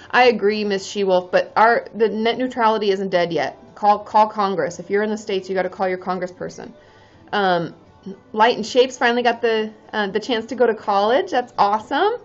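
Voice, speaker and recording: A bubbly woman with a fairly high voice chats casually on a live stream, reacting to comments with lots of "um" and "like". The audio is dull and lo-fi, with faint music underneath. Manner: bubbly and chatty, frequent "um" and "like", cheering viewers on, swears casually. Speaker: therapist and live-stream host. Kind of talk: casual live-stream chat, reading viewer comments aloud.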